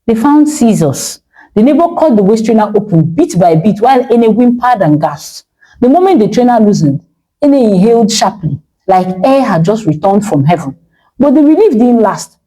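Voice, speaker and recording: A woman's voice: fairly high pitch, very animated, moderate pace, dark tone, low-quality recording. A woman narrating a dramatic story with emotive delivery.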